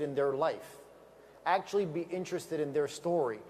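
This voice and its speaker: A man giving an energetic motivational speech at a sales event, emphatic and repetitive, telling stories from a stage microphone. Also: on the high side, normal speed, a little hiss or hum.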